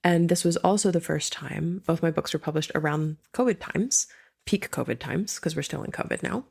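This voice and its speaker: A woman author speaking as a podcast guest in a casual, reflective conversation, earnest and quick to laugh. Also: low-pitched, creaky, a little mellow, slightly rough.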